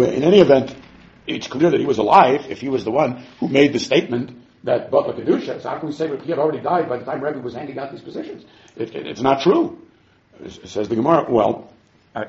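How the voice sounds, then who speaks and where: A man teaching a Talmud class, animated and given to acting out the quotes. His voice is fairly high and swoops through a wide range. The recording sounds dull and lo-fi. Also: creaky. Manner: animated, acts out quotes, chuckles. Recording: muffled lo-fi recording.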